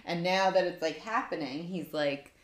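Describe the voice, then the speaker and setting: A woman's voice: lowish voice, normal speed, reverberant. A woman in her thirties co-hosting a podcast, chatting casually and telling a long story full of "like" fillers. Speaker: podcast co-host. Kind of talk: casual chat.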